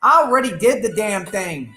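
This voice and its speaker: A man's voice: sits high, animated, moderate pace, sharp tone, roomy sound, faint music behind. A man hosting an online radio show, ranting in a defiant, boastful and profane way at his critics. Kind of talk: ranting live-stream monologue.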